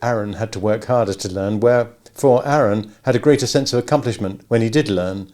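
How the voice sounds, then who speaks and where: A man's voice: lowish voice, fairly quick, darkish tone. A man narrating a novel as an audiobook, reading expressively.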